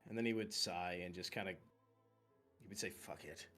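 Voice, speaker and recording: A man's voice: deep voice, fairly even intonation, fairly quick, sharp tone, faint music behind. A man joking around as a player in a tabletop game. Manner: joking, cheeky. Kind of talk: casual game talk.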